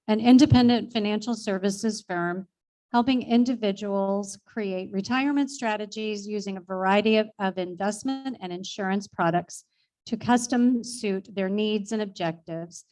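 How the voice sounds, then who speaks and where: A woman's voice: mid-range voice, darkish tone, low-quality recording. A woman presenter introducing a sponsor at an awards event in a friendly announcing manner.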